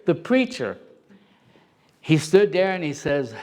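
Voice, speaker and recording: A middle-aged man spins personal stories with plenty of life. His voice sits a little high for a man, and he laughs easily as he acts out the people in his tales. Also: sing-song, slow, pauses often. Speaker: interview guest, storyteller. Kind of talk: animated personal storytelling.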